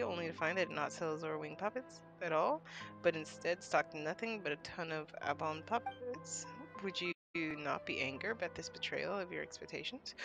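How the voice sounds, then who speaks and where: A woman reading a pompous, flowery shop clerk. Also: on the low side. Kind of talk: reading game dialogue aloud. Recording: game music behind.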